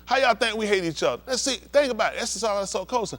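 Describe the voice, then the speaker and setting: A man with a rather high voice preaches in a blunt, heated, profane way. He talks straight at the congregation and acts out scenes with volunteers as he goes. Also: expressive, quick pace, a bit bright. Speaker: pastor.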